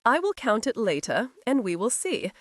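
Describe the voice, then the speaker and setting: A woman doing a curt, commanding masked highwayman. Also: sing-song, normal speed, dry recording, clean studio sound. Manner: curt, commanding, mock-menacing. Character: disguised male highwayman, gruff and commanding.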